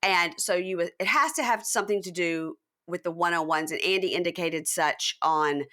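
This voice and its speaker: A woman hosting a podcast, recapping a reality show in casual chat and acting out quotes with big jumps in her voice. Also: normal speed. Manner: animated, acts out quotes with big pitch jumps. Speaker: podcast host.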